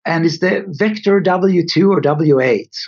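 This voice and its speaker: A man's voice: on the high side, a little slow, vocal fry, a little mellow. A middle-aged man with a Scandinavian accent, thoughtfully answering interview questions with some hesitations. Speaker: guest, car designer. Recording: dull lo-fi audio.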